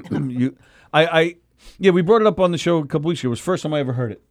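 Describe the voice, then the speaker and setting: A man's voice: fairly high pitch, rapid-fire, no room sound, clean studio sound. A man co-hosting a comedy radio show, telling a rambling story in casual banter with lots of restarts. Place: radio studio.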